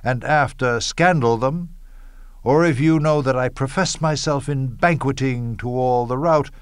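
An actor playing Cassius, a bitter, scheming Roman nobleman, reading Shakespearean verse in a measured, declamatory way with bursts of scorn. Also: medium pitch, smooth, no echo, studio quality, natural voice. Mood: persuasive.

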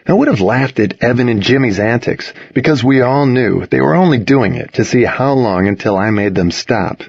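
A man narrating a first-person novel as an audiobook, in a measured storytelling manner. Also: mid-range voice, expressive, creaky, a little mellow, husky, no echo, muffled recording.

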